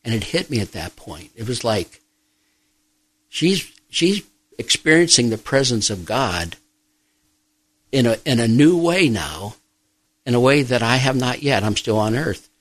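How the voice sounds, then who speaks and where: A middle-aged man, a pastor and grief counselor, speaking softly and reflectively in an interview, pausing often. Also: mid-range voice, expressive, rough recording. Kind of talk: personal testimony in an interview.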